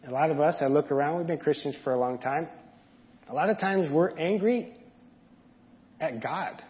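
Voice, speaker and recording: A man preaches in a plain, conversational way, stopping often to ask the congregation questions. His voice sits a little high for a man. The sound is dull and lo-fi, and it rings with the long reverb of a big church room. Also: moderate pace. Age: adult parent. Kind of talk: sermon. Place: church sanctuary.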